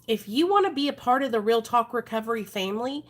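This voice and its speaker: A woman's voice: a little high, lively intonation, quick pace. Frank woman hosting a recovery livestream. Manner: frank and earnest, often addresses viewers as "you guys". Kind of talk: casual live-stream talk to viewers. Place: at home.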